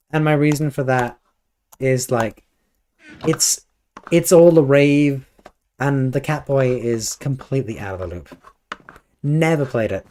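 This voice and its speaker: A British man with a slightly hoarse voice, chatting casually and playfully with his live chat while gaming. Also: fairly high pitch, warm tone. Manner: rambling, playful, chatty asides. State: a little hoarse. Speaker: livestreamer.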